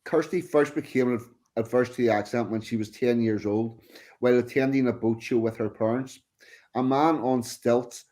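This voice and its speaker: A man's voice: medium pitch, a little mellow. A man hosting a casual stream, reading out an article and mocking it in blunt, sweary asides. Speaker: stream host.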